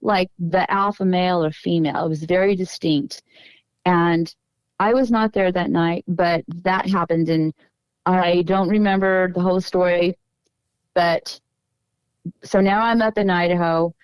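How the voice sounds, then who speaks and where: A middle-aged woman tells a long personal story as a podcast guest. She wanders and often corrects herself, and her voice is low and smooth. She is recorded close, with no room sound. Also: fairly even intonation, a little slow, dry recording, poor audio. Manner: meandering, self-correcting storyteller. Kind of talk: casual storytelling interview.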